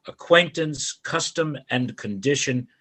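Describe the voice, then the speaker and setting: A defected old priest pleads for his reward in slow, unhurried lines, as a man reads the role. The voice is husky and a little breathy. His delivery is formal and measured, and it comes over a video call. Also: mid-range voice, animated, fairly bright tone. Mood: pleading formally. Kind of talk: reading a verse play on a video call.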